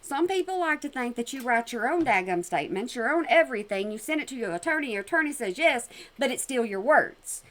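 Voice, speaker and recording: Lively, higher-voiced woman; sassy, mocking commentary host. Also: a little fast, hardly any pauses, slight background noise. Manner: sassy, mocking, animated with sudden loud jumps. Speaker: commentary vlogger reacting to a clip. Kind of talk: casual commentary.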